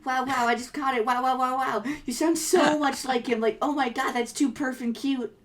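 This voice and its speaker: A woman reading a bubbly, excitable teenage girl who gushes, stammers and drops internet slang. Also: sits low, a little fast. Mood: giddy. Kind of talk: reading comic dialogue aloud.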